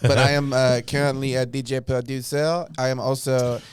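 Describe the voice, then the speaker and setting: Deadpan joking male co-host. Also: mid-range voice, normal speed, smooth. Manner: silly, deadpan jokes. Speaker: podcast co-host, DJ producer. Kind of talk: casual podcast chat.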